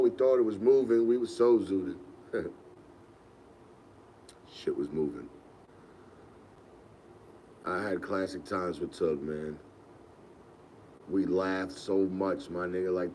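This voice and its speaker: A young man casually telling funny stories on a podcast, animated and slangy, laughing as he goes. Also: sits low, a little hiss or hum. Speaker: podcast host. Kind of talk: casual storytelling.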